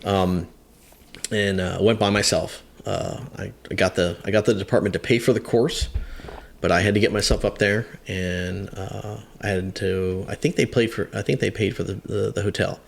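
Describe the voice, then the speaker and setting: A very deep-voiced man in his fifties tells a story in a relaxed interview. He is a firefighter, candid and self-deprecating, and he often stops to restart with fillers along the way. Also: vocal fry, slight background noise. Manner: halting, many fillers and restarts. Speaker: firefighter guest.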